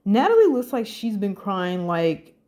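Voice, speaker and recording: Animated, profane woman ranting casually. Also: mid-range voice, measured pace. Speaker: reality show commentator. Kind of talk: casual reaction commentary.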